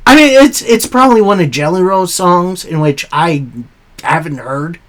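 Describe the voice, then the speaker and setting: A man's voice: sits high, normal speed, a bit bright. A man hosting a podcast and recapping a wrestling show in a casual storytelling manner with asides. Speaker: podcast host.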